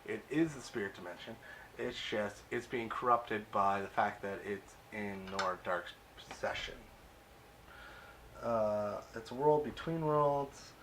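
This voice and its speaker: A man's voice: fairly low pitch, a little slow, a bit bright, a little hiss or hum. Chatty man recapping a TV episode. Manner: chatty, amused, peppered with uh and um. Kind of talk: casual recap and review.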